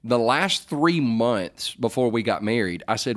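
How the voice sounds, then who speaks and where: A man's voice: medium pitch, expressive, measured pace, few pauses. A middle-aged man co-hosting a casual faith advice chat, joking and rambling as he answers listener questions. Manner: joking, rambling, self-correcting.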